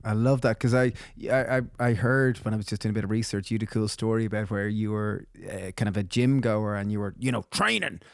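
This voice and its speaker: A man hosting a podcast, prompting his guest in quick, friendly casual talk. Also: fairly low pitch, creaky, clear, resonant tone, no echo, clean studio sound. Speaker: podcast host.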